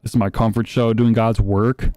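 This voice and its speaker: A man's voice: on the low side, little pitch movement, normal speed, a little mellow, no echo. A man streaming live and reacting to videos in blunt, profane, rambling casual commentary.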